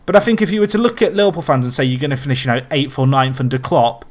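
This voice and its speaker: Fast-talking English podcast guy. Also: mid-range voice. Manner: animated, ranting, self-deprecating. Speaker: podcast co-host. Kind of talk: casual football chat.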